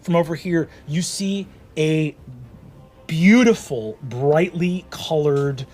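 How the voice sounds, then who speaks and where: A man's voice: a little high, slow pace, a little mellow. A man narrating a tabletop fantasy game as game master, with vivid, descriptive storytelling.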